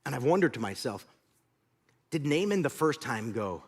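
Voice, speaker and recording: A man's voice: medium pitch, very animated, moderate pace, husky. A male pastor preaching a sermon, telling stories animatedly and acting out scenes.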